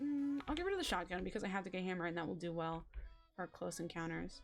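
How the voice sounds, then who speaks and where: Excitable young woman streaming a game. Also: lowish voice, fast, creaky, soft background music. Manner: excitable, rambling, self-mocking. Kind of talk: casual live-stream chatter.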